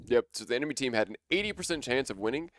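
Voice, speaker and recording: A man's voice: mid-range voice, animated, racing, fairly bright tone, no room sound, clean studio sound. Casual young male esports caster. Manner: casual, rambling, enthusiastic. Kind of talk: live esports commentary.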